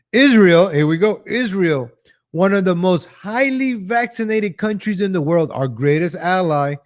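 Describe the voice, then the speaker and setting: Male commentary host, native Spanish speaker, higher-pitched, sarcastic and ranting. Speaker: show host. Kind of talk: opinion commentary show.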